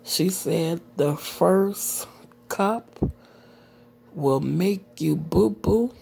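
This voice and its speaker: A woman in her late forties chats to her viewers in a slow, unhurried way. Her low voice is rough and very husky, with a heavy gravelly fry running through it. She rambles with lots of fillers and often drops into a half-whispered aside. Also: warm tone. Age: 40s. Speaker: vlogger. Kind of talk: casual personal vlog.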